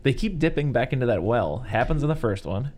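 Male podcast co-host, mid-pitch, loose rambling delivery, casual chat. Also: lively intonation, fairly quick, a little mellow. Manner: rambling, recapping plots with many fillers.

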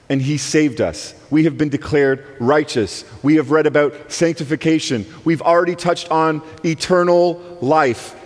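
A man preaching in a church sanctuary, his slightly high voice ringing through a long, echoing hall. He delivers the sermon emphatically, rising to bold declarations and dropping to quiet, hushed lines. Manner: emphatic, swinging between soaring and hushed delivery. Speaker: guest preacher.

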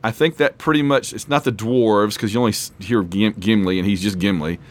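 A man's voice: fairly low pitch, fairly even intonation, brisk. A man hosting a casual trivia quiz, rambling and self-deprecating as he reads questions and reacts. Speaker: quiz host.

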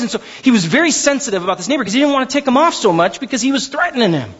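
A man's voice: sits high, very animated, fast talker, fairly bright tone, husky, lo-fi sound. A man preaching a sermon as pastor, telling stories animatedly and acting out the voices of the people in them.

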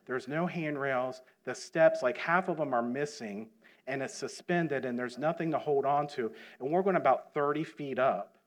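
A middle-aged man, a missionary preacher, telling a story from the field in a folksy way and building to emphatic preaching in a church. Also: medium pitch. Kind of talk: sermon with personal story. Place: church sanctuary.

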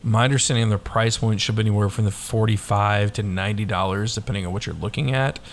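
A man's voice: lowish voice, steady tone, fast. A man co-hosting a whiskey podcast, chatting loosely and joking, swearing now and then. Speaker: podcast co-host. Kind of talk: casual whiskey chat.

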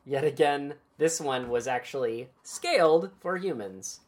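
A woman's voice: low voice, expressive, unhurried, darkish tone. A woman hosting a podcast and recapping a book chapter in casual, irreverent chat, swearing and laughing easily.

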